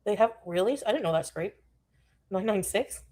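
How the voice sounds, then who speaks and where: A woman's voice: medium pitch, animated, moderate pace, darkish tone. A woman on a live stream, chatting loosely and greeting viewers as she rambles between topics. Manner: rambling, greets chat often. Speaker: livestreamer. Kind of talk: casual live stream chat.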